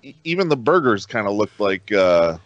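A man's voice: on the low side, sing-song, normal speed, no room sound, lo-fi sound. A man appearing as a guest, another podcast's host, chatting casually in an offhand way. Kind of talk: casual chat.

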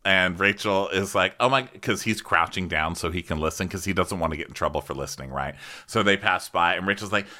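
A man's voice: a little fast, few pauses. A man co-hosting a comedy podcast, recapping a reality show in casual chat and acting out the quotes. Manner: animated, acts out quotes in high voices. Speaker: podcast co-host.

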